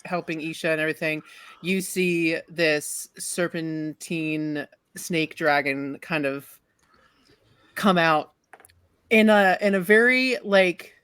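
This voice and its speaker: A woman's voice: deep voice, takes it slowly, fairly bright tone, smooth, dry recording. A woman narrating as game master of a tabletop role-playing game, giggly and rambling with many fillers.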